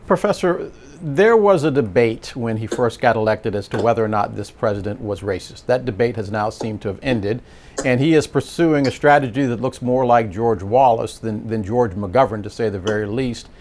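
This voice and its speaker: American male TV anchor, mid-pitched, measured and pointed when he asks questions. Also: a little mellow, a little hiss or hum. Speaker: TV news host. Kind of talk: TV interview questions.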